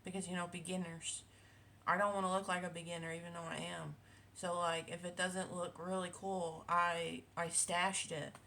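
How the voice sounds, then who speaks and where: A woman's voice: on the low side, little pitch movement, moderate pace, pushed and bright, slight background noise. A woman, a quilting vlogger chatting casually at home, rambling with many fillers and restarts. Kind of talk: casual chat. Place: home with cats.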